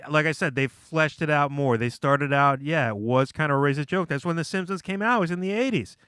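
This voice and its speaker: A man's voice: on the high side, a little fast, a bit bright, clear, resonant tone, dry recording, clean studio sound. A man co-hosting a podcast, making his case in an earnest, argumentative way. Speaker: podcast co-host. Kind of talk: casual studio chat.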